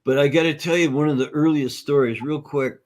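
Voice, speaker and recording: A middle-aged man, a nutrition course founder, talking in a conversational interview at a conference event. He is an upbeat, animated storyteller who acts out the voices of the people in his stories. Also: fairly high pitch, a little fast.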